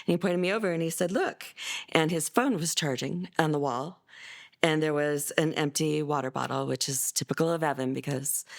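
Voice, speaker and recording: A middle-aged woman from California telling a personal story, unhurried and halting, with many pauses and fillers. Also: deep voice. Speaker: interviewee, mother.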